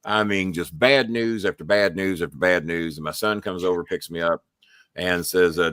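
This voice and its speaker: A middle-aged man with a drawl hosts a loose, casual show, his voice pitched a little low yet bright and forceful. He tells blunt stories and swears freely. The sound is dry and close, with no room echo. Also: fairly even intonation, moderate pace, clear, resonant tone. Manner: blunt, heavy swearing, storytelling. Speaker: show host. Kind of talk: casual live-show chat.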